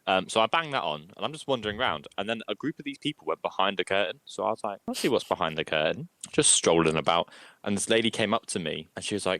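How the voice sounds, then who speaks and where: A man with a fairly low voice that swings widely as he talks. He tells animated, self-mocking stories, peppered with swearing. The sound is close and dry. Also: quick pace, dry recording. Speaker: podcast co-host. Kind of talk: casual chat.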